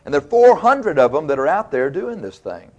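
A man's voice: a little high, big pitch swings, a little fast, darkish tone, lo-fi sound. A man preaching a sermon, retelling stories in a folksy, colloquial, dramatic way. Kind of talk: sermon, storytelling.

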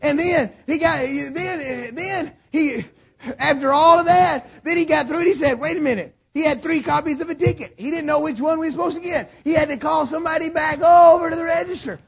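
A pastor delivers his sermon in a strikingly high voice with plenty of gravel. He tells folksy stories and climbs to shouts at the big points. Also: fairly quick. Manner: folksy storytelling, rising to shouts.

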